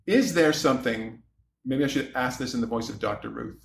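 A man talking candidly as a podcast guest, telling his story in an animated way and loudly acting out his exasperation. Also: mid-range voice, brisk, echoey room, slight background noise. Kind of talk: candid casual chat.

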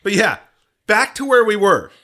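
A man's voice: high-pitched, sing-song, pushed and bright. A man hosting a podcast, joking and rambling in casual banter. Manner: jokey, rambling, quick voice changes for bits. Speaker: podcast host.

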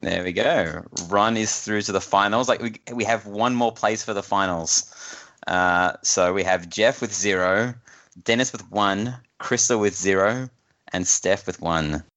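A man's voice: on the low side, a little slow, fairly bright tone, highs cut off. A man hosting a casual quiz on a podcast, often laughing as he reads the questions. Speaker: quiz host.

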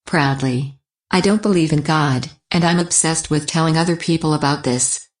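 A man's voice: on the high side, normal speed, lightly acted. A man voicing a smug male comedian who reads out a self-mocking letter in a sneering tone. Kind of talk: comic letter reading.

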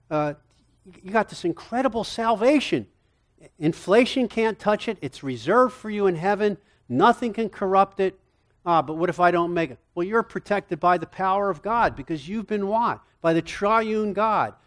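A middle-aged man teaching a counseling seminar from Scripture. He speaks in an animated way and keeps asking rhetorical questions. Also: high voice. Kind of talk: lecture-style Bible teaching.

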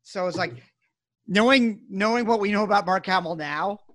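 A man's voice: sits high, fairly bright tone, no room sound. A man co-hosting a casual podcast chat, dropping wry quips. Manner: wry, quick quips and laughs. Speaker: podcast co-host.

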